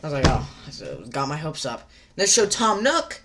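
Excitable young woman reacting to game news. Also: sits low, moderate pace, background noise. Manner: excitable, swings from hushed muttering to shrieking outbursts. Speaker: gaming channel host. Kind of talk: live reaction to a game presentation.

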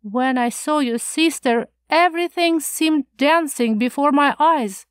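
A woman's voice: high voice, unhurried, no echo, studio quality, pitched above the performer's own voice. A woman reading the part of an anxious, prim older male schoolmaster who frets and lectures in a scandalized tone. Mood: fretful lecturing.

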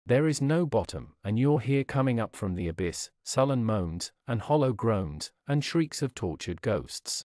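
A man's voice: medium pitch, very animated, a little slow, hardly any pauses, darkish tone, dry recording, clean studio sound. A man reading a sermon aloud in a solemn, declamatory way, with dramatic rises and falls. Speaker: preacher.

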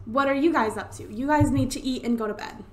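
A young woman giving casual, excitable gameplay commentary at home into a desktop microphone, swearing freely. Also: sits high, fast talker. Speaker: let's play gamer. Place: home room. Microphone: desktop USB microphone.

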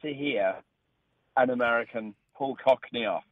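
Over a phone line with no room sound, a middle-aged man from Leeds, England, with a northern English accent, tells stories as a guest on a radio interview. His mid-range voice keeps a measured pace, and his storytelling is relaxed, with restarts.

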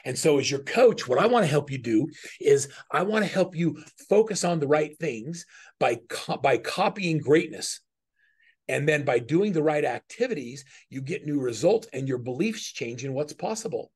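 A man's voice: fairly high pitch, lively intonation, normal speed, husky. A middle-aged man speaking as a business coach in a webinar, teaching earnestly and conversationally through personal stories, often restarting his sentences.

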